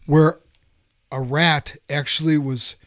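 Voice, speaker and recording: A man in a casual film chat, relaxed and agreeable, trailing off as he searches for names. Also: fairly high pitch, slow, no room sound, clean studio sound.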